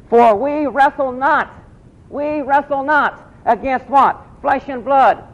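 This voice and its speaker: A man's voice: very high voice, takes it slowly. A man preaching a sermon, asking the congregation questions and repeating key phrases. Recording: dull lo-fi recording.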